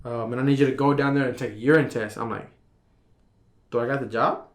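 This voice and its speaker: A man's voice: medium pitch, steady tone, brisk. Laid-back young man telling his story. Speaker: podcast guest. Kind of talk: casual chat.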